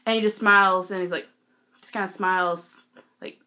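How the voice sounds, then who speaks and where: A teenage girl vlogging, telling a story casually, giggly and excitable with lots of "like". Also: mid-range voice, moderate pace.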